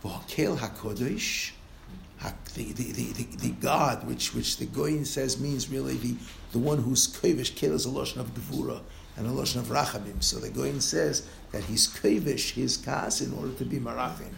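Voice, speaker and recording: Animated rabbi, gravelly and echoey. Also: male voice, mid-range voice, normal speed. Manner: animated, rising to exclamations and trailing into soft asides, laughing at times. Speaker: rabbi giving a Torah lecture. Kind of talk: Torah lecture. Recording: echoey room with faint noise.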